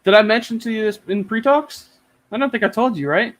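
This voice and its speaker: Excitable man rambling over a video call. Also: sits high, fairly quick. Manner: excited, rambling, swears freely. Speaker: interview guest. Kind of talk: casual chat. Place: home.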